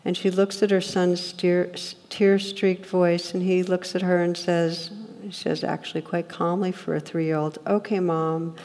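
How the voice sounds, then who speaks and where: A woman's voice: lowish voice, flat delivery, unhurried, few pauses, a little mellow. A woman meditation teacher giving a reflective dharma talk, speaking earnestly and telling stories to make her point. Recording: long hall reverb.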